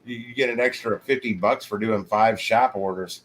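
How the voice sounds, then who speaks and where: A man hosting a casual livestream, rambling along with halting restarts. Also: fairly low pitch, steady tone, a bit bright, slight background noise. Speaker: livestream host.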